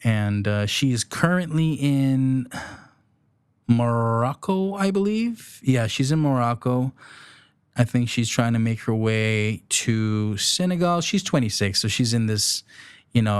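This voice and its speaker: A man's voice: medium pitch, expressive, a little slow, clean tone, no room sound, studio quality. A man in his thirties from the United Arab Emirates, hosting a podcast in a rambling, chuckling, self-correcting way. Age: 30s. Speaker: podcast host. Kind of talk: casual solo podcast chat.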